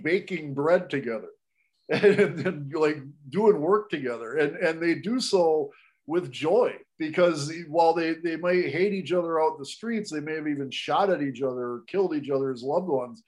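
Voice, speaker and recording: An animated man recounting a story in a podcast conversation. His voice sits a little higher than most men's. He talks with lively restarts and keeps pushing the story forward. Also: normal speed. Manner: animated, with frequent restarts and laughs. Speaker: guest storyteller.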